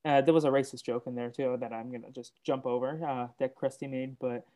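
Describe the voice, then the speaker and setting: Halting man recapping a movie. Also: medium pitch, fairly even intonation, dark tone. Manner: halting, full of ums and restarts. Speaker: podcast co-host. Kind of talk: casual movie recap chat.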